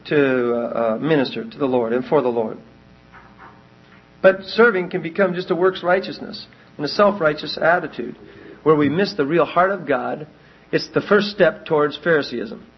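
Male preacher, sermon delivery, husky, dull lo-fi recording. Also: on the high side. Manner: animated, acts out quoted voices.

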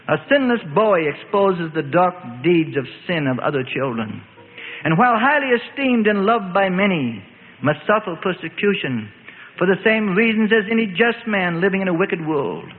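High-voiced man narrating with a preaching cadence. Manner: preaching cadence, emphatic lists. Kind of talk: dramatic scripted narration of a Bible story. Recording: tinny phone-like line with long reverb.

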